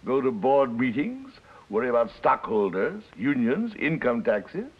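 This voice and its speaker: A man's voice: mid-range voice, sing-song, unhurried, breathy edge. A man playing a mild, plainspoken older grandfather in a 1950s film. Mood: firm. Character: proud retired-age grandfather, gentle and firm. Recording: dull old film soundtrack.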